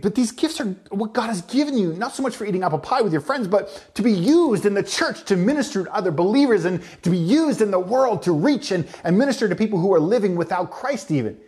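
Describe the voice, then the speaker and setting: A man's voice: high voice, a little mellow. A man preaching a sermon to his congregation, talking directly to them and acting out little asides. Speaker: pastor.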